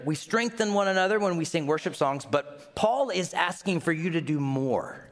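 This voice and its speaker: A man with a Midwestern accent preaching a sermon as pastor, conversational, putting questions to the congregation and acting out little scenes in mock voices. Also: high voice.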